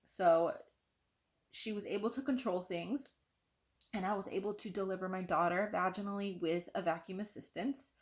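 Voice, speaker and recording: A young woman vlogger telling a personal story to the camera in an animated way, full of "like" and acted-out quotes of what others said. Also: mid-range voice, normal speed. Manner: animated, acts out quoted voices, frequent "like".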